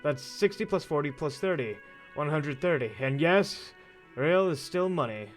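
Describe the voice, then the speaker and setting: A man's voice: a little high, animated, moderate pace, soft background music, close to an everyday voice. A man voicing a grumpy, sarcastic male cafeteria manager in a video game who demands money he is owed. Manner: sarcastic, exasperated.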